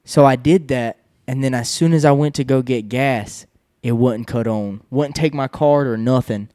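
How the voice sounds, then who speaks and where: A young man spins a rowdy late-night story, cracking himself up and cursing as he voices each person in it. His voice sits at an ordinary pitch and sounds dry and close, with no room echo. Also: normal speed, clear, resonant tone. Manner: laughing, profane, animated retelling. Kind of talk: casual storytelling.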